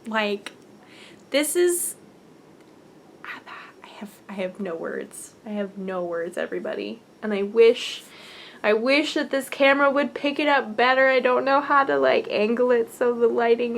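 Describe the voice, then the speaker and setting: Gushing, excitable woman podcaster. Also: a little high, normal speed, a little hiss or hum. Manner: gushing and excitable, often dropping to a near whisper. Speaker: podcast host. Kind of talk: casual podcast chat showing yarn to camera.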